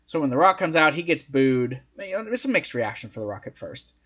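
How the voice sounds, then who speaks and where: A man's voice: fairly high pitch, big pitch swings, fairly quick, a bit bright. A man hosting a casual recap, rambling along with lots of fillers as he retells events. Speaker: host. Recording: dull lo-fi audio.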